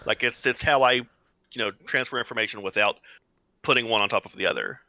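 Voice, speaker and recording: A man's voice: medium pitch, quick pace, sharp tone, no echo. A man in a casual discussion, hesitant and searching for the right words. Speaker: participant.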